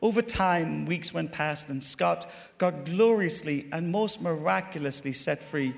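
An Irish man telling a story during his sermon as a pastor, chatty and animated, talking straight to the congregation. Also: a little high, a little slow, vocal fry. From Ireland. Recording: long hall reverb.

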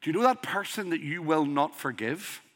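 A man's voice: a little high, animated, moderate pace. A man with a strong accent preaching a sermon, earnest and emphatic, pressing his listeners with rhetorical questions. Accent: strong accent he calls a dialect.

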